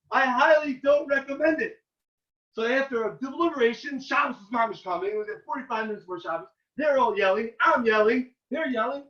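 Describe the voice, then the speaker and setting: Animated, high-voiced rabbi telling stories. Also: male voice. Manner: animated storytelling, loudly acting out quoted lines. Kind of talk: informal talk to yeshiva students. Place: room at a yeshiva. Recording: roomy, distant and dull.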